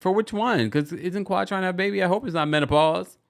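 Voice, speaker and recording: A man hosting a casual livestream recap, chatty and animated, often breaking into exaggerated quotes of the people he talks about. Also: quick pace, creaky. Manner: animated, chatty, slips into quoting people in exaggerated high voices. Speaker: podcast host recapping a reality show.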